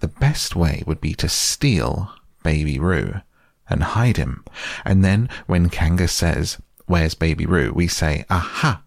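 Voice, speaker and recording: A man voicing a bossy, self-important male rabbit who lectures in a brisk, self-assured way, read as a storybook. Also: sits low, lively intonation, creaky, no room sound, clean studio sound, heavily acted. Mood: scheming. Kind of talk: storybook character voice.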